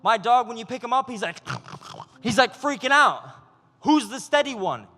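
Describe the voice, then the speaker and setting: Brief: male youth pastor, lively sermon, high voice, long hall reverb. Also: moderate pace. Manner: animated, acts out voices of God and people.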